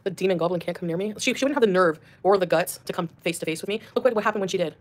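A woman's voice: fairly low pitch, rapid-fire. A woman streamer ranting defensively in clips from her livestream.

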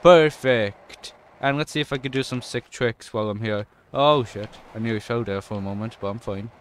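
A young man with a non-American English accent doing casual let's-play commentary, chatty and excitable, swearing and yelping at in-game mishaps. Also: medium pitch, normal speed, a little hiss or hum. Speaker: gaming YouTuber.

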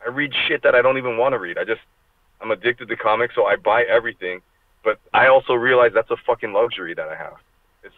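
A middle-aged man, guesting on an interview from his car via video call, talks casually, rambling and swearing. His fairly low voice comes through tinny, dry call audio.

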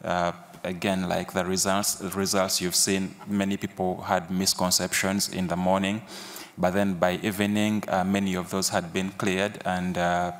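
Deep, flat-voiced man on a panel. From Uganda. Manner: halting, frequent uhs and restarts. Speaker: national partner panelist. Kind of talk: panel presentation. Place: large conference hall. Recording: long hall reverb.

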